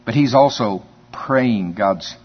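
Man preaching, husky and homey, on a dull lo-fi recording. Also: on the low side, takes it slowly. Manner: conversational storytelling, chuckles often. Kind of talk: folksy sermon.

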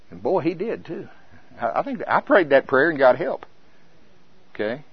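A man's voice: fairly high pitch, very animated, brisk, breathy edge, no echo, highs cut off. An older man preaching a sermon in a folksy, impassioned way that rises and falls.

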